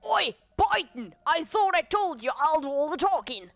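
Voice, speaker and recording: Woman playing a stern male police inspector, bossy, barking orders, higher pitched, slightly muffled. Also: unhurried, a bit bright, no room sound.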